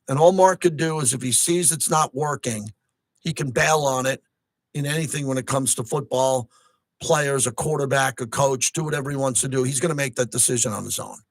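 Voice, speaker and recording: A man's voice: medium pitch, dry recording. A man hosting a sports talk radio show from a studio, talking at length and getting worked up at times. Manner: excitable, rising to near-shouting when riled. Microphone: close studio mic.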